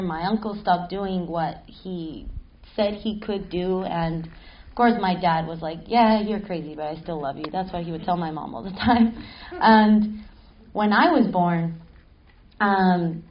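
Animated woman telling a spooky story. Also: medium pitch, a little slow, highs cut off. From Mexico City. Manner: animated, laughing, swears casually. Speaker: panel guest. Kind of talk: live panel storytelling. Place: stage at a film festival panel.

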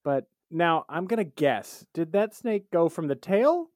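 Lively, playful podcast man. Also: fairly high pitch, measured pace, no echo, studio quality. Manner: playful, swears freely, animated reactions. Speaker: podcast co-host. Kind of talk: casual comedic chat.

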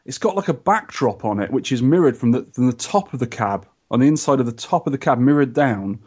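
A man hosting a podcast, his mid-pitched voice jokey and enthusiastic. He rambles along, piling up details as he chats. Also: expressive, fairly quick, a little mellow, slightly rough. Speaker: podcast host. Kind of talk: casual chat.

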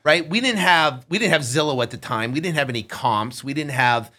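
Bright-voiced animated male storyteller. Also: a little high, fairly quick. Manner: animated storyteller, acts out quotes. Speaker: real estate investor guest. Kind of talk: casual storytelling interview.

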